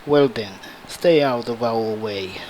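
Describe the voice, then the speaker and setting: A man's voice: medium pitch, slow pace, a little mellow, slight background noise, pitched below the performer's own voice, close to an everyday voice, rough recording. A man voicing a stern male agent boss, cold and curt.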